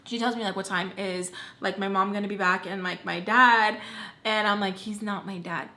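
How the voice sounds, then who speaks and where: A young woman spins a long story in a bright, forward voice. She talks casually and quickly switches into playful voices whenever she quotes someone. The mood stays loose and chatty. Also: medium pitch. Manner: animated, slips into voices for the people she quotes. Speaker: storytime vlogger.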